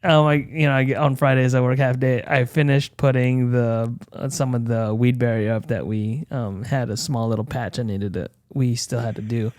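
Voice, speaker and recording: A young man co-hosting a podcast, telling a story in an animated way with lots of swearing and loud acted-out yells. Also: medium pitch, moderate pace, hardly any pauses, no room sound, studio quality. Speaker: podcast co-host. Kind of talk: casual chat.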